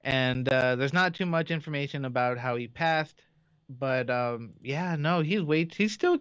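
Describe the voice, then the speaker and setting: A man's voice: medium pitch, a little slow, fairly bright tone, clean tone, dry recording, dull audio. A man co-hosting a radio show, chatting casually and often correcting himself mid-sentence. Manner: conversational, self-correcting. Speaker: radio co-host. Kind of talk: casual on-air chat.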